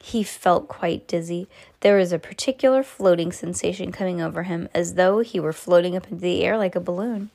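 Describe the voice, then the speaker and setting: A woman reading a children's story aloud, expressive, with small slips and restarts. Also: fairly low pitch, fairly quick, creaky. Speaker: reader to a child.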